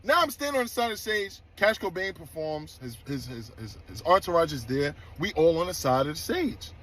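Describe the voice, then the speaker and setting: A man telling a tour story in loose, profane street slang, animated and indignant. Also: fairly high pitch, a little fast. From New York. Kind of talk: casual storytelling clip.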